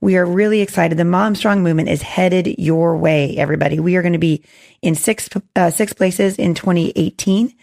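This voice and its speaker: A woman hosting a faith podcast, hoarse with a gravelly voice, earnest and encouraging with many restarts. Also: on the low side, normal speed, darkish tone. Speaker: podcast host.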